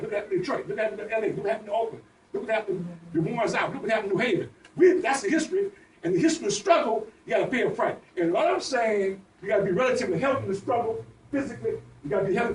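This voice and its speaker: An older man, speaking on a panel with impassioned, repetitive emphasis. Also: high-pitched. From New Orleans. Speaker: panel speaker, veteran activist. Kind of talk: panel discussion. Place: community bookstore room. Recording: echoey room, distant mic, faint noise.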